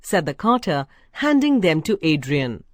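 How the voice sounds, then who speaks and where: Low-voiced woman reading a storybook. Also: sing-song, a little slow, no room sound. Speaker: reader. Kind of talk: storybook narration.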